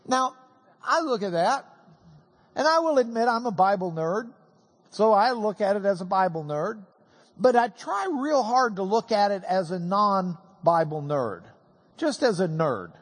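A preacher teaches scripture in a folksy, joking sermon, with a husky voice that swings widely up and down. The delivery is unhurried. It is recorded with a long reverb from a large hall. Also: mid-range voice, big pitch swings.

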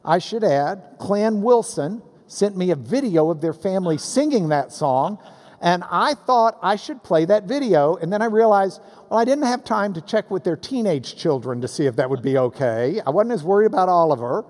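Animated preacher in a reverberant hall. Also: male voice, sits high, moderate pace. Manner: animated, playful with sounds and rhymes. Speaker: pastor. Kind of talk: sermon. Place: church sanctuary.

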